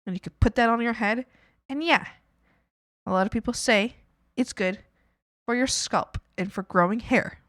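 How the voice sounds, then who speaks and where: A woman's voice: a little high, moderate pace, long pauses, fairly bright tone, no echo, clean studio sound. A young woman from Canada chatting casually on a stream, rambling and swearing with many fillers. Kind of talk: casual chat.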